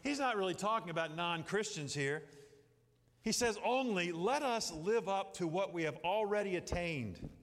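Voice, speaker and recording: A middle-aged man delivers a sermon in a fairly high voice. He rambles, breaks into jokey asides and acts out little quotes. A long hall reverb trails his words. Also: animated, normal speed, fairly bright tone. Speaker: pastor.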